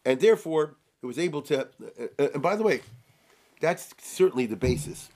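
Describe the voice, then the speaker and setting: A man teaching an informal, joking Torah class, animated and often asking his listeners rhetorical questions. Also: medium pitch.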